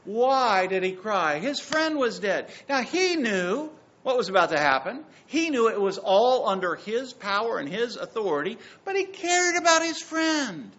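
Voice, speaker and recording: A man preaching a sermon, emphatic and swinging between loud passages and soft ones. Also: sits high, very animated, a little slow, few pauses, lo-fi sound. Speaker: pastor.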